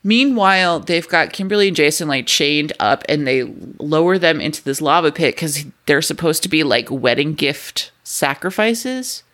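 A man co-hosts a casual movie podcast, wry and sweary, often breaking into laughter mid-sentence. His voice is slightly high and bright. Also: expressive, moderate pace, few pauses. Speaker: podcast co-host. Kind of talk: casual movie review chat.

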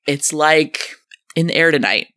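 A co-host in a casual music podcast, relaxed, reading from notes and swearing casually. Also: mid-range voice, unhurried, no echo, studio quality.

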